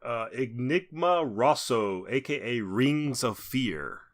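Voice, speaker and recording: A man's voice: mid-range voice, lively intonation, slow pace. A man co-hosting a casual podcast. He reads out release details and laughs often. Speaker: podcast co-host.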